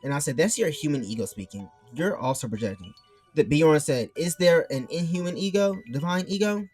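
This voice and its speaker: A man's voice: a little high, animated, fairly quick, a little mellow, breathy edge, soft background music. A man ranting casually to his viewers, reading chat messages aloud and arguing back, his mic turned backwards. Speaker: streamer.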